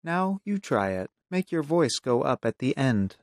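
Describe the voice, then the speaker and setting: Calm mid-pitched teacher, dry close sound. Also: measured pace, no echo. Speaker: language teacher. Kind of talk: instructional explanation.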